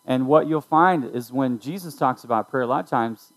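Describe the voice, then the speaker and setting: A middle-aged man speaking as a youth pastor in an easy, conversational sermon. He tells stories and addresses students directly, with a voice of ordinary, middle pitch. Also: normal speed, rough recording.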